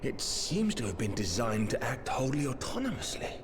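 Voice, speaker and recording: An actor playing a cautious male scholar in a game cutscene, explaining deliberately. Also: mid-range voice, very animated, music in the background, lightly acted. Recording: noisy game audio.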